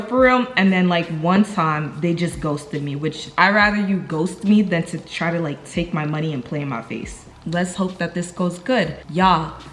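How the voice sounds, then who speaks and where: A woman's voice: on the low side, a little hiss or hum. A young woman from New York with a New York accent, chatting casually to her viewers at home in a slangy, talkative way. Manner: chatty, slangy, talks straight to viewers as "y'all". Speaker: vlogger. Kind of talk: casual chat to camera.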